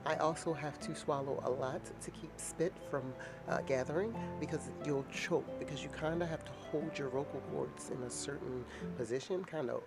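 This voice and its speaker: A woman with a naturally deep voice talks casually to the camera, frank and rambling, often laughing. She is sick and slightly nasal. Clear music plays behind her. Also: normal speed, hardly any pauses. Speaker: vlogger.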